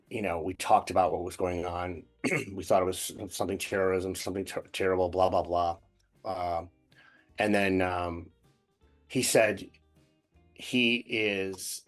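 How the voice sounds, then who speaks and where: A man from the United States, a guest on a call, reflectively recounting a personal memory with many pauses and restarts. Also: low-pitched. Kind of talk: personal interview storytelling. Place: at home in Chicago, on a call.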